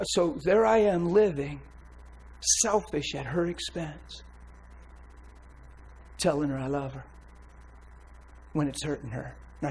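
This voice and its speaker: A man preaching a candid, blunt personal testimony with animated storytelling. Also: on the high side, slightly rough, low-quality recording. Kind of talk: sermon testimony.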